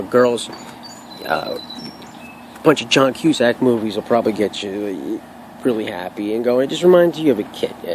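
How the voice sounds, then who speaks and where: Young adult man, casual home vlog, rambling and profane, mid-pitched, faint room hum. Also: darkish tone, poor audio. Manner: rambling, many restarts and fillers, swears freely. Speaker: vlogger sharing his own experience. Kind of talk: casual unscripted monologue to camera.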